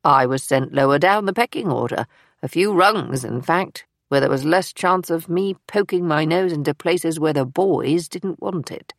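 A brisk older spymaster with a dry, matter-of-fact edge and a lowish voice, as a woman reads her in an audiobook. The recording is close and dry. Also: dry recording. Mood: guarded. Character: older woman, former wartime intelligence officer, brisk and wry. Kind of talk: audiobook character reading.

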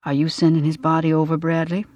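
A composed, soft-spoken woman, put on by the narrator of an audiobook, speaking quietly and evenly. The sound is close and dry. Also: mid-range voice, completely flat delivery, fast talker, no room sound, lightly acted.

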